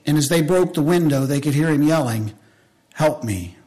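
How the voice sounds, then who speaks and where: Fairly high in pitch and fairly quick, a man preaches passionately to his congregation. His sermon rises into loud appeals, falls into hushed stories, and includes folksy asides.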